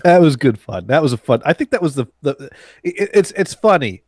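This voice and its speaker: A man's voice: a little high, very animated, fairly quick, a little mellow, no room sound. A man telling a rambling anecdote to friends, with many fillers, restarts and laughs. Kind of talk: casual anecdote among friends.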